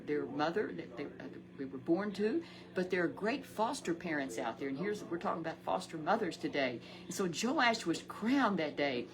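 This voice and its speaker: Casting: woman Bible storyteller, slightly low voice, plain homespun delivery full of restarts. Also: rough recording. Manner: repetitive, stumbling, homely exclamations. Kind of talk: Sunday Bible story telling.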